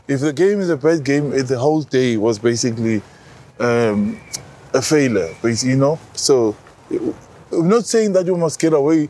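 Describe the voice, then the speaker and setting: A South African man in his thirties, a rugby captain, telling stories in relaxed casual chat as an interview guest. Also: medium pitch, moderate pace. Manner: relaxed storytelling, says bro a lot, many restarts.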